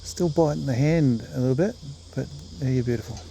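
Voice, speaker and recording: A man talking gently and affectionately to a wild bird outdoors, coaxing it in a casual way. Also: a little high, normal speed, vocal fry, a little hiss or hum. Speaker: vlogger feeding a wild bird. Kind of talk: casual talk to an animal.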